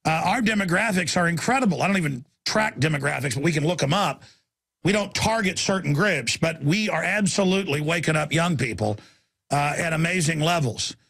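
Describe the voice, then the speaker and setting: A male talk radio host delivering a fiery monologue, ranting and yelling insults in bursts, then rattling off a rapid sales pitch before taking callers. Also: expressive, creaky, husky.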